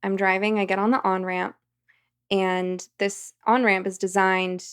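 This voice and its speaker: A woman's voice: mid-range voice, flat delivery, measured pace, clear, resonant tone. A woman, a podcast guest, telling a vivid story in casual conversation. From United States.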